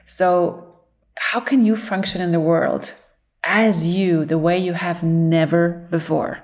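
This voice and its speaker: A woman's voice: on the low side, slow. Playful woman giving a motivational talk. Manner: playful and expressive, laughs often; encouraging, speaks in loose flowing phrases. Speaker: psychologist and speaker.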